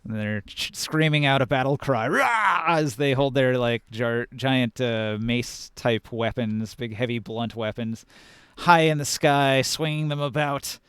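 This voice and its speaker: A man's voice: medium pitch, a little slow, clean tone, no room sound. A man running a tabletop game as game master, casually narrating the action and sound effects. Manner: casual, animated narration with counting and sound words.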